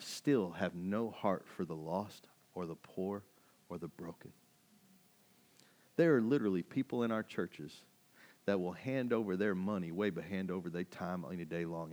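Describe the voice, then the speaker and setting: A man's voice: sits low, darkish tone. A man preaching a sermon as a pastor, emphatic and conversational, full of rhetorical questions.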